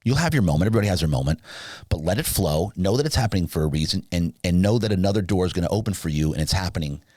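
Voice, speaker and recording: A very low-voiced man tells a rambling personal story as a podcast guest. He gets animated and jumps his voice way up when he acts out dialogue. The sound is dry and close, with no room echo. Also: very fast. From Southern California. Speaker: podcast guest, sleep business founder. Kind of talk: casual storytelling interview.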